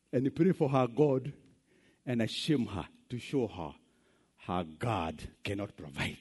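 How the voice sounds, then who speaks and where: A man's voice: mid-range voice, vocal fry, darkish tone, slightly rough. A man with a Kenyan accent preaching a sermon, emphatic and switching between English and Swahili.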